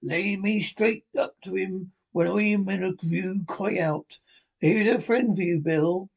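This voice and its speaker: A man's voice: high-pitched, unhurried, gravelly, slightly rough, heavily acted. Man doing a cruel blind old beggar. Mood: cold menacing. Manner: old sing-song whine turning to cold threats.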